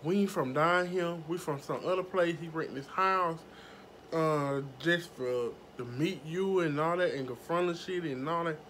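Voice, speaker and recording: A woman vlogger voicing a wary housekeeper from her story in a hushed, confiding way. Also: low-pitched, moderate pace, a little hiss or hum. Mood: guarded.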